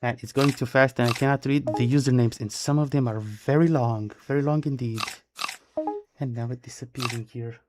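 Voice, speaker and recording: A man's voice: mid-range voice, fairly even intonation, brisk. A man from Romania with a Romanian accent, chatting playfully with viewers as a live game streamer, punning and repeating his phrases. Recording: noisy stream audio with clicks.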